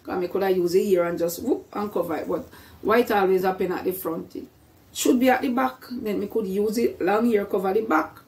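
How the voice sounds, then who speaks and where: A woman's voice: medium pitch, brisk, a little mellow. A middle-aged woman shares her story in a casual vlog. She speaks earnestly, often repeats words, and brings in her faith. Her voice sounds a little distant from the microphone. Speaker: vlogger.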